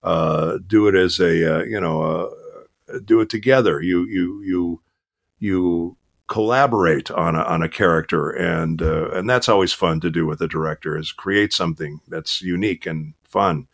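Chatty man with a low voice. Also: normal speed, creaky. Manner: chatty storyteller with many fillers and restarts. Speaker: voice actor guest. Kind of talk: casual interview talk.

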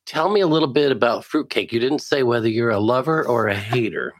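A podcast host interviewing a guest, enthusiastic and quick to laugh. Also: mid-range voice, lively intonation. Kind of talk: casual interview chat.

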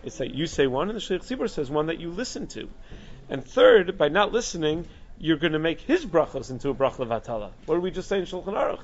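A man teaching a class on Jewish law, lecturing in a lively way and mixing in Hebrew terms. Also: fairly high pitch, fast. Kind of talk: halacha class. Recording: dull lo-fi recording.

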